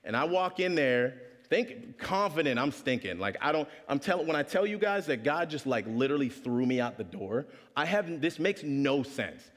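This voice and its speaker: A young man from Canada giving a humorous testimony talk, telling a story with animated delivery. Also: mid-range voice, normal speed. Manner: animated storyteller, acting out voices. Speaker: speaker. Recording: long hall reverb.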